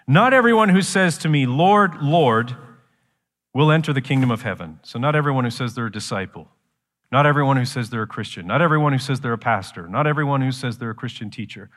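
A man preaching a sermon as pastor, shifting from quiet explanation to loud, slow, emphatic lines. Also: mid-range voice, expressive, in a large hall.

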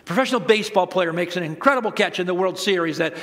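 This sermon comes from a middle-aged pastor whose high-pitched voice races along. He keeps it conversational and humorous, jumping without warning from booming emphasis to hushed asides.

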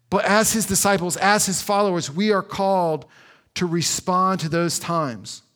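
A man preaching a sermon in an earnest, conversational way, slowing down for emphasis. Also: high voice, a bit bright. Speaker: pastor.

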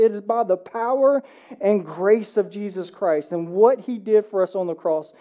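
A man's voice: sits high, warm tone. A man in his thirties, a pastor preaching an Easter sermon in church in a conversational storytelling way, often checking in with "right?". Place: church sanctuary.

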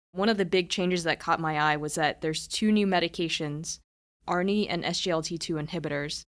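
Low-voiced woman doctor asking questions. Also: a bit bright. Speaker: interviewer, physician. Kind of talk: interview questions.

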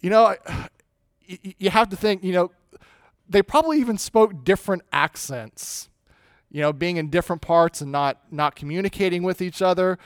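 A male pastor preaching a sermon, swinging between loud emphasis and dropping low and slow on key words. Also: lively intonation, smooth, no echo.

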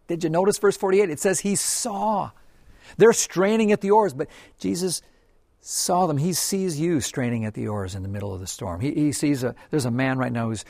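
A man preaching an earnest, gentle devotional sermon, often dropping to a soft hush. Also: mid-range voice, no room sound, studio quality. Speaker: pastor.

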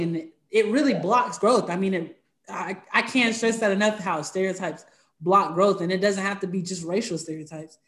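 A man with a notably high voice talks emphatically as a podcast co-host, leaning on swear words to drive his points home. His voice carries a roomy echo. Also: normal speed, a bit bright. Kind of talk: casual conversation.

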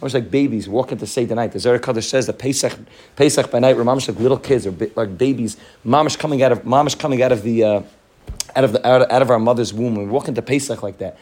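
A man giving a Torah talk, telling a Hasidic story in rapid, heartfelt speech that repeats phrases and weaves in Hebrew and Yiddish terms. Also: mid-range voice, darkish tone, breathy edge. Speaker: Torah teacher.

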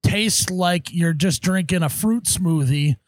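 A man from Wisconsin with a fairly high voice, co-hosting a relaxed podcast. He teases his friends in an easygoing way and chuckles between remarks, recorded close and dry. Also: takes it slowly, no room sound. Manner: teasing, laid-back, chuckles between remarks. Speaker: podcast co-host. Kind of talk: casual podcast banter.

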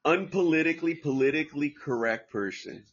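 A man's voice: fairly high pitch, a little fast, breathy edge, lo-fi sound. A man from Southern California hosting a casual podcast, rambling and profane with frequent restarts. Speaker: podcast host. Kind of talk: casual livestream podcast chat.

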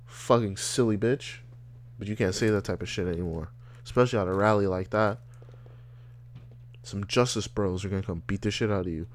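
Solo podcast host, young man, low voice, rambling profane rant. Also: normal speed.

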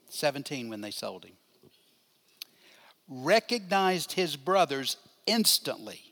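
A man's voice: a little high, a bit bright. An older man, a pastor, teaching a Bible class in a conversational way, putting questions to his listeners and answering them. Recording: long hall reverb.

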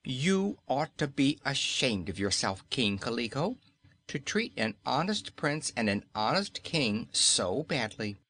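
A man's voice: mid-range voice, very animated, a little slow, bright, forceful tone, exaggerated voice. A man voicing a bold, indignant little girl who scolds firmly. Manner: scolding, firm.

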